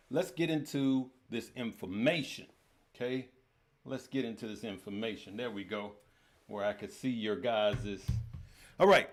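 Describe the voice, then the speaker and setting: A man hosting a casual stock market livestream, talking to viewers in an energetic, repetitive way and calling them "good people". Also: mid-range voice.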